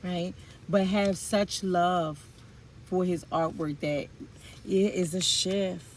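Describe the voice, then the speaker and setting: A woman's voice: lowish voice, fairly even intonation, takes it slowly, a little hiss or hum. A woman giving an intuitive tarot reading, musing aloud in informal slang with rambling asides and fillers. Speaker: tarot reader.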